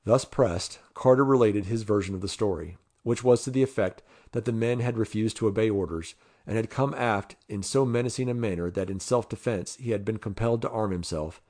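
A man narrating an adventure novel in a measured way, lifting his voice for the dialogue. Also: a little mellow. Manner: measured, voices characters with raised pitch. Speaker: audiobook reader.

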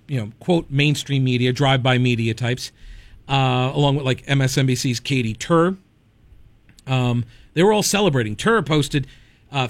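A man's voice: medium pitch, dry recording. Wry, digressive talk radio man. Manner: conversational, digressive, wry asides. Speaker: radio talk show host. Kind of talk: conservative talk radio commentary.

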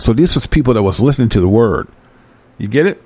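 Gravelly dark-voiced guy doing bible study, reads verses slow then breaks it down real casual. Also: medium pitch, dry recording. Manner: reads verses slowly, then explains in loose street talk. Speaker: scripture teacher.

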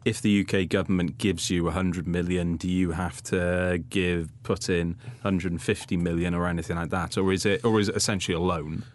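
Deep-voiced halting man. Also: fairly even intonation. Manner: halting, repeats words. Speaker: podcast guest, journalist. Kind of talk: casual chat.

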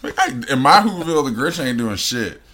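A man's voice: mid-range voice, very animated, brisk, pushed and bright, a little hiss or hum. A man hosting a podcast in casual, profane banter, often laughing and acting out voices in his stories, recorded on a studio mic. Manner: profane, laughing storyteller who acts out voices. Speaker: podcast host.

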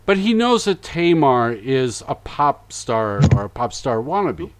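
Telling the story of what happened with plenty of energy, this podcast host performs the quotes in character voices during a relaxed chat. His pitch is medium and his pace unhurried.

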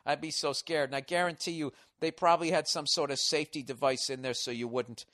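A man's voice: on the high side, fairly even intonation, fairly quick, fairly bright tone. Profane ranting man in his forties. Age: 40s. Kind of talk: comedic rant.

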